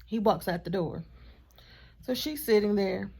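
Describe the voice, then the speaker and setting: A woman vlogger telling a storytime in a chatty, animated way, with asides to her partner off camera. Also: medium pitch, measured pace, vocal fry, slightly rough. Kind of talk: casual storytime vlog.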